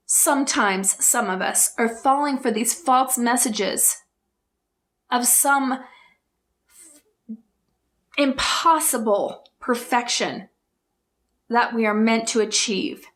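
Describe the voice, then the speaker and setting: Slow, earnest woman speaker. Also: on the high side, a bit bright. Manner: earnest, slow and emphatic, speaking straight to viewers. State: emotional, near tears. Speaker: motivational speaker. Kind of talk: heartfelt direct-to-camera talk.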